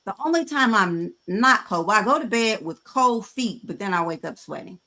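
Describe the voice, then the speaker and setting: A woman in her fifties hosting a panel, talking frankly and conversationally with frequent pauses to gather her words. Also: medium pitch, expressive, pushed and bright. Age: 50s. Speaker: host.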